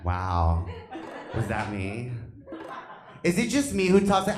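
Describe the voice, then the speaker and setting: A man in his thirties doing a stand-up comedy set on stage, flamboyant and camp, breaking into loud shrieks. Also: medium pitch, expressive, takes it slowly, pauses often. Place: comedy theater stage with live audience. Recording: echoey live comedy room.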